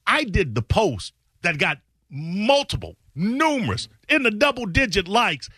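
A man tells a story on his radio show in an animated, sarcastic way and reads out tweets in mocking voices. His voice is bright and swings widely in pitch. The sound is dry and close to the mic. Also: unhurried, breathy edge, no echo. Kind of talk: casual talk-radio storytelling.

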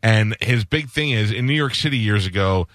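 A man's voice: on the low side, normal speed, fairly bright tone, dry recording, studio quality. A man hosting a radio show, chatting casually and telling rambling stories, acting out the voices of the people he quotes.

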